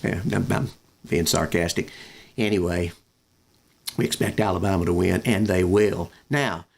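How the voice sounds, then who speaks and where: A man's voice: deep voice, steady tone, normal speed, gravelly. A man hosting a casual sports talk show, folksy and dryly sarcastic, often restarting his phrases. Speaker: sports podcast host. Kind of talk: casual football predictions talk.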